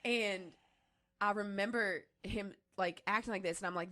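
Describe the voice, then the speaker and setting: A woman's voice: mid-range voice, fairly even intonation, normal speed, pushed and bright, dry recording, studio quality. A woman in her twenties co-hosting a casual podcast, telling a personal story in a candid, rambling way with many restarts. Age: 20s. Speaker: podcast co-host.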